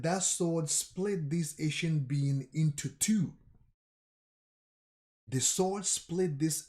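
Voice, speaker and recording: A man reading a comic aloud with live commentary. He thinks out loud and often repeats his phrases. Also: on the high side. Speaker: manga reaction streamer.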